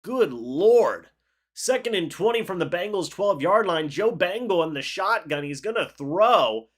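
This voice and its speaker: A young man hosting a live football reaction stream, calling the plays and chatting with viewers in an excitable, talkative way. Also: high voice, unhurried. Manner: excitable, chatty, reads chat aloud and calls plays. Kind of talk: live game reaction with play-by-play and chat replies.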